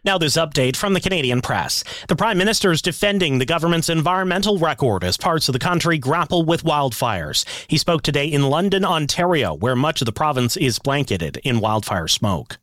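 A man reading a national news update for a wire service, in a crisp newsreading manner. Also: fairly high pitch, animated, a little fast, hardly any pauses, a bit bright, dry recording, clean studio sound.

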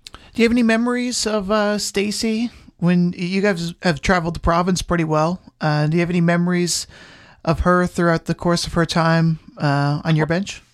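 A man's voice: sits high, fairly even intonation, normal speed. A male radio reporter conducting a news interview, asking conversational questions with some restarts.

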